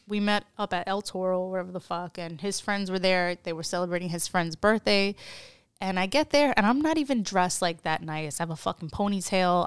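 A woman's voice: lowish voice, clean tone, no echo, clean studio sound. A woman, co-hosting a casual podcast and telling stories full of swearing and acted-out quotes. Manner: profane, storytelling with acted-out quotes. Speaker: podcast co-host. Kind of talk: casual chat.

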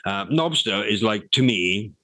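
A man's voice: on the low side, expressive, a little slow, bright, forceful tone, no room sound, rough recording. A middle-aged man, telling stories in a casual interview, rambling with restarts and swearing freely. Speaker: interview guest, rapper.

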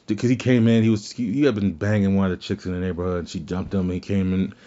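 A man's voice: low voice, flat delivery, fast, dark tone, muffled recording. A man hosting his own show, talking through his thoughts in a rambling way and often restarting his sentences. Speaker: podcast host. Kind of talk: casual solo commentary.

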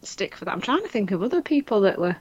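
A woman with a Manchester accent, co-hosting a casual chat and telling animated stories, acting out what people said. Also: medium pitch, fast talker, slightly rough, dull audio. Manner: animated storytelling, acts out quoted voices, laughs often. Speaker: podcast co-host.

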